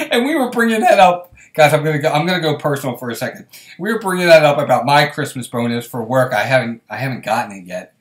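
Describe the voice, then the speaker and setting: A man's voice: mid-range voice, animated, a little fast, roomy sound. A man hosting a casual live stream, chatting and laughing often as he reads viewer comments aloud. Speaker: host.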